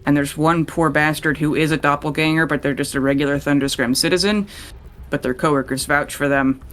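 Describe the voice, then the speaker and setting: A man's voice: a little high, steady tone, fairly quick, a bit bright. A young man running a tabletop game as game master, narrating casually and swearing freely. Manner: casual, swears freely, voices characters in passing.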